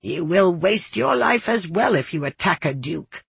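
A woman's voice: on the low side, lively intonation, measured pace, vocal fry, breathy edge, no echo, exaggerated voice. A narrator voicing a shrewd, motherly older woman who speaks warily and tenderly.

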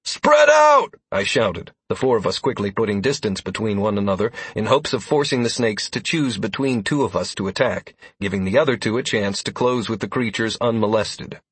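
Male narrator, husky voice, dry close recording, steady storytelling. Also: fairly low pitch, a little fast, few pauses, no room sound. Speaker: audiobook narrator. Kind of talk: audiobook narration.

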